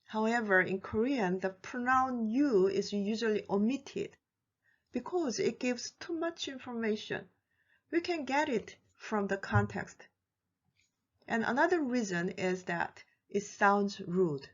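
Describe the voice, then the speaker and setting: A woman teaching a grammar lesson, explaining clearly and patiently. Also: fairly high pitch, highs cut off. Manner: clear, patient explanations with slow modeled Korean examples. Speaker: Korean language teacher.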